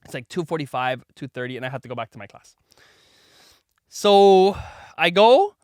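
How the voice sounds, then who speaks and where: A man hosting a podcast, telling a story to his daughter in a chatty, animated way, full of "like" and "right?", and acting out the voices of the people in it. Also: fairly high pitch, normal speed, no room sound, studio quality. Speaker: podcast host.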